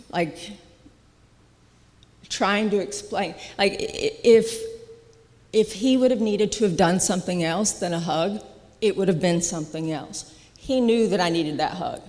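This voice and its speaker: Slow, earnest testimony speaker at a church service, mid-pitched and halting, heard with long sanctuary reverb. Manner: halting, earnest, with frequent restarts and soft laughs. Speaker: guest speaker sharing a testimony.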